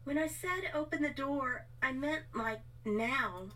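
A woman's voice: high-pitched, slow pace, sharp tone, full character voice, poor audio. A woman voicing a sleepy, irritated young woman who talks in a dismissive drawl. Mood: annoyed.

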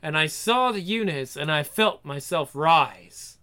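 A reader intoning a slow chanting old man. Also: mid-range voice, animated, pushed and bright, voice pushed down. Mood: solemn. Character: old man speaking from ancient stones.

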